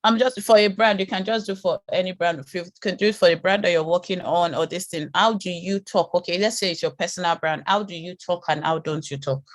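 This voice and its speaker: A woman's voice: on the low side, brisk, few pauses, no echo. A woman teaching a live branding class, asking the group questions, repeating key points and encouraging them. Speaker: branding course instructor.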